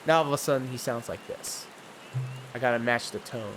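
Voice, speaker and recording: A man's voice: medium pitch, a little fast, a bit bright, faint music behind, low-quality recording. A man streaming a game, reading story text aloud and cracking profane jokes in casual commentary.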